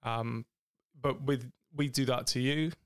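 Guy with a gravelly voice rambling through funny stories on a podcast, dry close mic. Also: medium pitch, fairly even intonation, measured pace, no echo. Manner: joking, rambling storyteller. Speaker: podcast co-host. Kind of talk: casual couple's chat.

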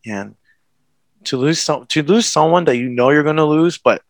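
Young guy with a gravelly voice telling a story, rambles and restarts, dry close sound. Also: a little high, normal speed, no room sound. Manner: rambling, with restarts and nervous laughs. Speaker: guest. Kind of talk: casual conversation, personal story.

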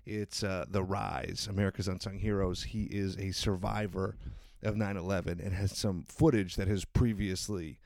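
Low-voiced male podcast host, dry sound. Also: fairly even intonation, normal speed, gravelly, few pauses, darkish tone, no room sound. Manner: loose and chatty, full of fillers. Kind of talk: casual introduction and chat.

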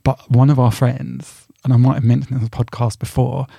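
A man's voice: medium pitch, level tone, brisk, vocal fry, mellow, slightly rough, no echo, studio quality. A young man co-hosting a podcast in casual, rambling chat, easily sidetracked. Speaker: podcast co-host.

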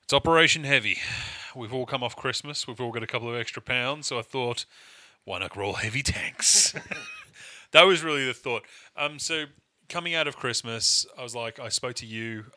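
Young aussie guy on a podcast, super bright voice, rambles and laughs a lot, casual swearing. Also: mid-range voice, fairly quick. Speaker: podcast co-host and event organiser. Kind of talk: casual chat.

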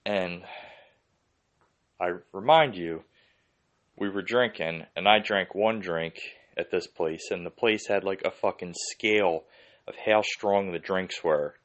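Man, low voice, rambling swear-heavy storytelling, dull lo-fi recording, faint hiss. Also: slow pace, a bit bright. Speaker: podcast host. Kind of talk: casual storytelling.

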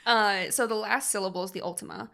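A woman's voice: medium pitch, fairly even intonation, fast talker, creaky, a bit bright. A young woman co-hosting a casual podcast chat, explaining at length and laughing often. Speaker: podcast co-host.

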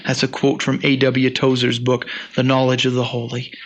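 A man's voice: medium pitch, completely flat delivery, moderate pace, muffled recording. A man in his sixties preaching a sermon in a conversational, folksy way, with frequent restarts and asides. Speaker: pastor.

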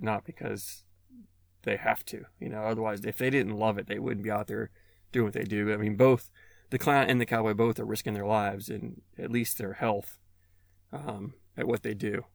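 A man's voice: on the low side, steady tone, a little fast, creaky, no echo, clean studio sound. A man hosting a casual chat, rambling through his answers with fillers and restarts. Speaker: podcast host asking questions.

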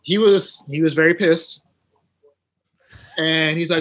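A man appearing as a guest on a video call, telling a story with many pauses and ums. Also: a little high, fairly even intonation, a bit bright. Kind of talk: storytelling on a podcast.

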